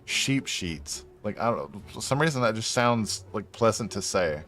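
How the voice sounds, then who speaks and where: A man's voice: on the low side, expressive, a little fast, fairly bright tone. Laughing, swearing young male streamer. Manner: laughing, profane, rambling. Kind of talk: casual let's-play commentary. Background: faint game music.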